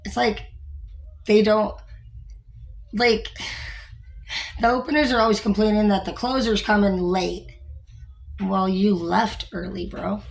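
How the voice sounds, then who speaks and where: A young woman, a store manager, talking frankly and rambling in a casual vlog, with many fillers and some swearing. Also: mid-range voice.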